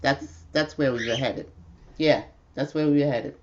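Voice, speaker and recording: A woman's voice: extremely low pitch, normal speed, highs cut off. A woman hosting a casual livestream at home, telling a rambling story with frequent laughs. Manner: chatty, rambling, laughs often. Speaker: livestream host.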